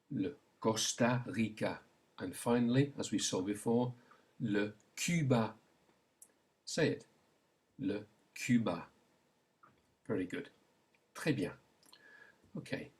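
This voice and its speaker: A man's voice: on the low side, breathy edge. A man teaching a pronunciation lesson, patiently modelling sounds and prompting learners to repeat after him. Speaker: language teacher. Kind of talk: slow instructional pronunciation lesson.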